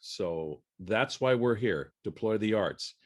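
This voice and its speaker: A man's voice: lowish voice, expressive, slow pace. A man giving the closing address of a program as its host, in a friendly manner.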